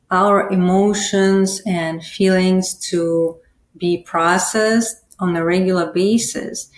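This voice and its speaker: A woman's voice: mid-range voice, a little mellow. A woman hosting a podcast, speaking in a hesitant way with many "uh" and "um" fillers. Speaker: podcast host. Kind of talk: casual podcast interview. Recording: echoey room.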